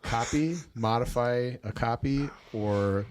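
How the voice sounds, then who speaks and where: A man's voice: mid-range voice, slow pace. A man from Wisconsin hosting a podcast, musing through questions with frequent restarts. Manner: musing, hesitant, with many restarts. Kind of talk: conversational podcast interview.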